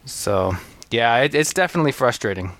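A man's voice: mid-range voice, lively intonation, a little fast, a bit bright, no echo. A man hosting a podcast, chatting casually in an earnest way, laughing often and restarting words. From Canada. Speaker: podcast host. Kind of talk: casual chat.

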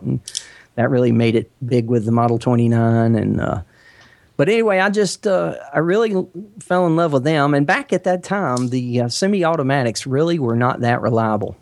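A man in his forties with a Southern US accent, a guest on a podcast, chatting casually and rambling with many fillers and pauses. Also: medium pitch, vocal fry, a little mellow, no room sound. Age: 40s. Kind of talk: casual interview chat.

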